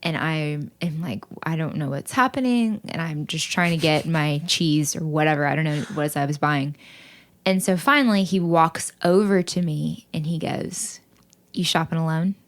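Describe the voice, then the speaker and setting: A woman with a slightly low voice, chatting on a podcast. She tells stories with lots of energy and laughs as she goes. She acts out the other people in her stories. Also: normal speed. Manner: animated storytelling, laughs often, quotes people in dialogue. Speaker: podcast co-host. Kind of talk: casual chat.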